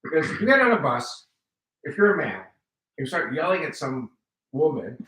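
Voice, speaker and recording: Lively joking storyteller man. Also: on the high side, normal speed, reverberant, far from the mic, low-quality recording. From United States. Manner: animated, joking, asks the audience questions. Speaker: guest speaker. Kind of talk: humorous storytelling talk.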